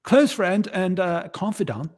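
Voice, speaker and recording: A man's voice: high voice, expressive, measured pace, a little mellow. A man hosting a casual livestream, rambling and jokingly teasing his co-host. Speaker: streaming show host.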